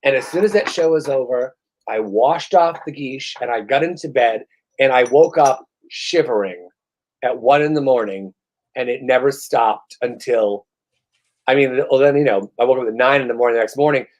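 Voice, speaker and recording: A middle-aged man co-hosting a chat podcast at a mid pitch, venting about whatever set him off this week. His talk is loose, profane and exasperated, full of false starts. He sounds worn out, as if he has been in bed all week. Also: moderate pace, a little mellow, poor audio. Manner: profane, ranting, exasperated storytelling. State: worn out after a vaccine shot. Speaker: podcast co-host. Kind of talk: casual chat.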